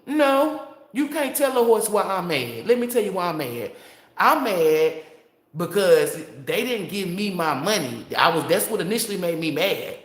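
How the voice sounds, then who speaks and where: A woman's voice: mid-range voice, expressive, moderate pace. A woman tarot reader talking straight to her viewers in a blunt, profane, fired-up unscripted monologue. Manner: blunt, profane, fired-up storytelling with rhetorical asides. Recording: roomy echo.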